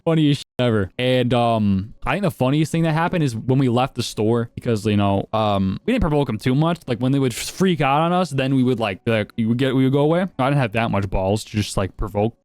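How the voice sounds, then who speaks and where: A man's voice: medium pitch, animated, brisk, few pauses, a little mellow, no echo. A young man casually telling crude prank stories, swearing often and laughing at his own jokes. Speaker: commentator. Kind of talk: casual storytelling.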